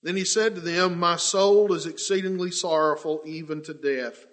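A man preaching a sermon with passion, swinging between loud declarations and hushed, drawn-out words. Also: on the high side, steady tone.

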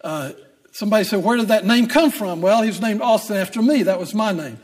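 An older Texan pastor with a strikingly high, darkish voice preaches fairly quickly. He spins a long personal story laced with dry humor, then moves into scripture, pressing his point with growing emphasis.

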